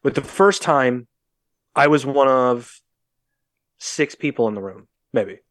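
A young man with a Midwestern American accent tells a story on a podcast, blunt and sardonic and quick to swear. His voice sits mid-range. The remote call sound is dry, with no room echo. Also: mid-range voice, lively intonation. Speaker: podcast co-host. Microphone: remote call mic.

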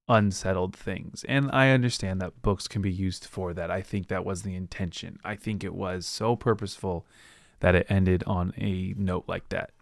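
Casual low-voiced podcast host. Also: male voice, no room sound, clean studio sound. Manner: rambling, acts out characters with quick voices. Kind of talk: casual book recap monologue.

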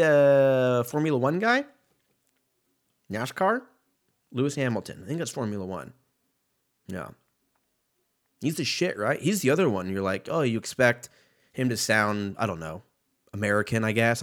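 A man in his thirties hosting a casual solo podcast, rambling and swearing freely as he riffs. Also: mid-range voice. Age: 30s. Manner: rambling, profane, laid-back riffing. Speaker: podcast host.

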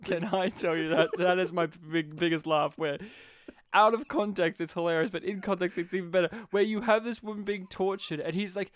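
An excitable man chatting about movies, his smooth voice pitched a little high. He laughs a lot and jumps into quick impressions as he goes. The sound is dry and close, with no room around it. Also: no echo. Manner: animated, laughs often, acts out scenes in voices. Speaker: podcast co-host. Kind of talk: casual film-review chat.

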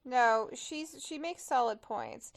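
A young woman co-hosting a podcast, chatting excitedly and quickly about a movie while watching it. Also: sits high. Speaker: podcast co-host. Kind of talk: casual movie watch-along chat.

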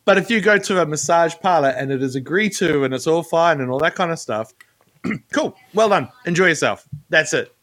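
A man co-hosting a casual podcast with a rather high voice that bounces around a lot. He rants and jokes, swearing freely. His tone is bright and forward. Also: lively intonation, normal speed. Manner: profane ranting, jokey. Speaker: podcast co-host.

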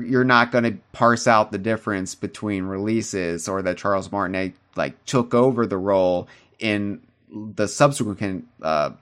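A man's voice: fairly low pitch, fairly bright tone, clear, resonant tone. A man co-hosting a podcast, chatting casually and rambling with restarts and fillers. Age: adult, calls himself old. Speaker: podcast co-host.

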